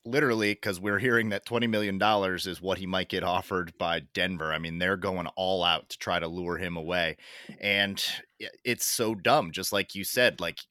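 Guy hosting a sports show, lowish voice, sarcastic, gets all worked up. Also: fairly even intonation, normal speed, pushed and bright, dry recording, studio quality. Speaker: sports podcast host. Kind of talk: casual sports talk.

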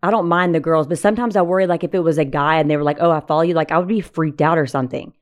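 A woman's voice: low-pitched, racing. Pregnant young woman, swearing storyteller. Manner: profane, animated storytelling. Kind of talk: casual chat.

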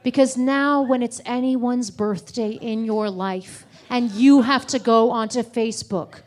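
A woman comedian telling a comic bit in an animated, mocking way. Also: fairly high pitch, a little slow. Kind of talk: comic monologue.

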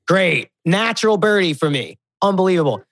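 A middle-aged man telling a long story as a podcast guest, animated and profane, full of fillers. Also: sits high, fairly quick, no echo, clean studio sound.

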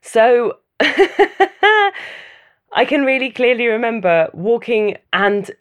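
A woman giving a thoughtful, measured personal account in an interview, often listing things in runs. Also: a little high, fairly bright tone, clean tone. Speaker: mother interviewed about loneliness.

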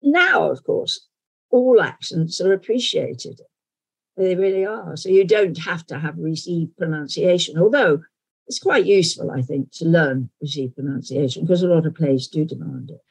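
A woman in her eighties from England, with a London accent softened toward received pronunciation, speaking frankly and wryly in an interview. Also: sits low, expressive, gravelly, breathy edge, low-quality recording. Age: 80s. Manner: frank, wry, measured storytelling. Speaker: actress guest. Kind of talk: reflective interview conversation.

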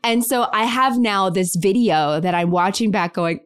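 Woman in her thirties, casual podcast chat, lively storyteller, mid-pitched voice, acts out the voices she quotes. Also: normal speed, clear, resonant tone. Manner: animated storyteller, acts out quotes, many fillers. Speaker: podcast guest or co-host.

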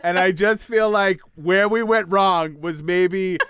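A man's voice: takes it slowly, slight background noise. A man co-hosting a podcast, chatting in a playful, jokey way. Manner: playful, jokey, lively pitch swings. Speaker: podcast co-host. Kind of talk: casual comedic chat.

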